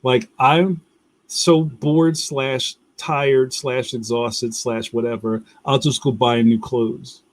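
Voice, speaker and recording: A young man with a Philadelphia accent chats casually as a livestream host, rambling and breaking into easy laughs. His voice sits at a middling pitch. The sound is dry and close, with no room around it. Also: little pitch movement, slow pace, no room sound. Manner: rambling, loose, laughs often. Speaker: livestream host reading viewer comments. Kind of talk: casual chat.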